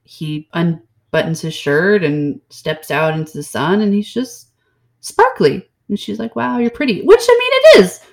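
A woman's voice: on the low side, unhurried. A woman co-hosting a casual podcast chat, joking and swearing as she talks. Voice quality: animated, jokey, swears casually. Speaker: podcast co-host.

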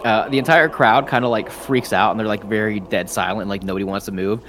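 Low-voiced casual game master. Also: male voice, steady tone, fairly quick, fairly bright tone, soft background music. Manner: casual, rambling, profane narration with many fillers. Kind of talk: narrating a tabletop game.

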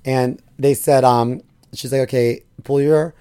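Hoarse man in his thirties. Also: mid-range voice, fairly even intonation, unhurried, dark tone. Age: 30s. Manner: campy, joking storyteller. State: hoarse, lost voice. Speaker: podcast co-host. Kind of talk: casual comedic chat.

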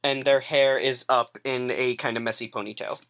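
A woman's voice: a bass voice, steady tone, normal speed, a bit bright. A woman narrating a tabletop game as game master, hesitant with many fillers.

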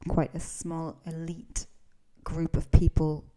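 A woman's voice: deep voice, monotone, slow, dark tone, rough recording. A Scottish woman hosting a podcast lesson for English learners, explaining in a conversational way with frequent ums. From Scotland. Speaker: English teacher, podcast host.

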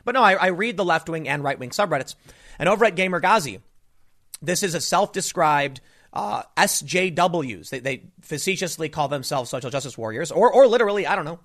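A man's voice: a little high, lively intonation, brisk, a bit bright. A man delivering a casual political opinion monologue to camera, rambling with frequent restarts and fillers. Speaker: political commentator.

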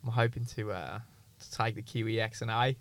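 A young man in his twenties, a guest racing driver, giving measured, thoughtful answers in a casual chat. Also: on the low side, steady tone, a bit bright.

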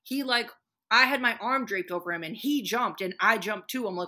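A woman's voice: mid-range voice, normal speed, bright, forceful tone. A woman guest on a podcast, talking casually with plenty of fillers and frequent swearing. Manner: chatty, swears freely, many fillers. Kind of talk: casual chat.

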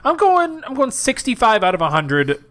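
A man's voice: very high-pitched, wildly swooping pitch, normal speed, a bit bright. A man from Wisconsin co-hosting a podcast, trading jokes in casual chat. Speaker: podcast co-host.

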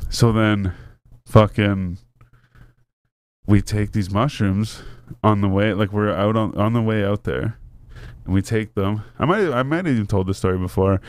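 A man's voice: on the low side, darkish tone, clear, resonant tone, no echo. A man telling a story in casual chat, laughing often and swearing freely.

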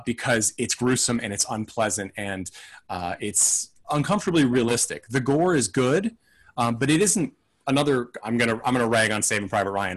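A man's voice: medium pitch, a bit bright. A man co-hosting a casual film podcast, talking in a thoughtful, rambling, hedging way. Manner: acts out mock quotes in silly voices.

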